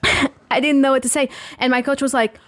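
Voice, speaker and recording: A woman's voice: sits high, little pitch movement, a little fast, a bit bright, no echo. A woman from Portugal, a guest in a casual chat, who stutters at times.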